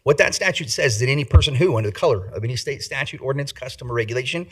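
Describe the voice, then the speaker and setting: Rapid, husky-voiced man giving public comment. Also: medium pitch, low-quality recording. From Washington, D.C. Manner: rapid, forceful, legalistic. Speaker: civil rights litigator giving public comment.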